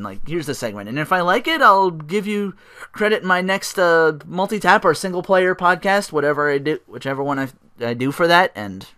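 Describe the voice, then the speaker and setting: A man's voice: mid-range voice, pushed and bright. A man hosting a solo podcast, rambling casually with lots of fillers and restarts. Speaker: podcast host.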